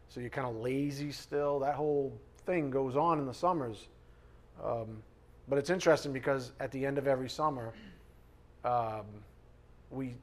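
Man preaching with emphatic swings. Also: medium pitch. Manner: conversational, emphatic preaching, swings between loud stresses and soft asides. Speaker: pastor. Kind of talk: sermon.

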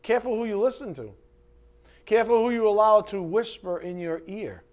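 Male preacher with a fairly high voice, delivering a dramatic sermon that swings between loud emphasis and hushed asides. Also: a little fast, lo-fi sound. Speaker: pastor.

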